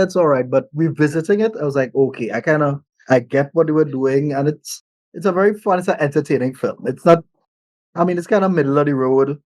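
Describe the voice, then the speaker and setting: A man's voice: medium pitch, a little mellow, no echo, rough recording. A man who reviews films, speaking as a podcast guest and enthusiastically recalling his reactions to movies. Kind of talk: casual film review chat.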